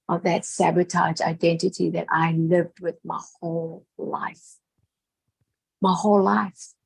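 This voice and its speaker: Woman with a lowish voice telling a really emotional personal story, heartfelt, repeats herself a lot, goes soft and hushed sometimes. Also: slightly rough. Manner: earnest and heartfelt, with repeated phrases and soft laughs.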